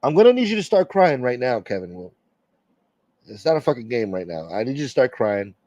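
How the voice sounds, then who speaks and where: A man's voice: mid-range voice, big pitch swings, a little fast, dark tone, no echo, lo-fi sound. A man hosting a casual livestream, joking brashly with viewers and swearing freely. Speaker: livestream host.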